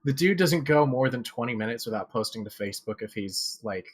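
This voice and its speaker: A man's voice: mid-range voice, expressive, fairly quick, breathy edge. A man co-hosting a casual gaming podcast, ranting with lots of profanity. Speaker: podcast co-host.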